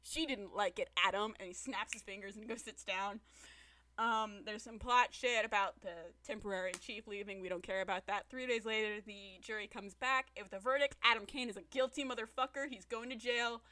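A woman chatting casually as a podcast co-host, recapping a TV episode with profane, animated storytelling and acting out the characters' lines. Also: medium pitch, fairly quick.

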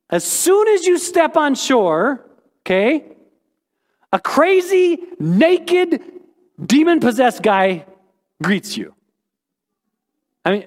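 A man preaching a sermon as a pastor, animated and joking, with sudden high exclamations. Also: in a large hall.

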